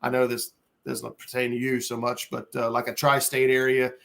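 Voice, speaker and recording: A man's voice: mid-range voice, monotone, moderate pace, vocal fry, a bit bright. A man from Ohio hosting a casual fishing live stream chat, rambling with lots of ums and uhs and chuckling between thoughts. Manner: rambling, hesitant, lots of fillers. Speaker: host.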